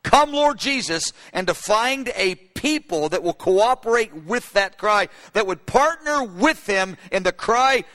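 In a large hall full of long reverb, a male preacher with a high, bright, forceful voice teaches from notes. His intonation is lively and his pace a little slow with few pauses, as he speaks emphatically and builds to fervent, repeated cries.

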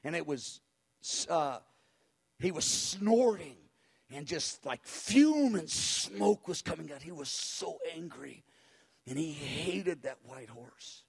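A man recounting a spiritual experience as an animated personal testimony, acting out the people he quotes and chuckling as he goes. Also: a little high, slow, creaky, breathy edge. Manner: acts out the people he quotes, with cries and hushed voices.

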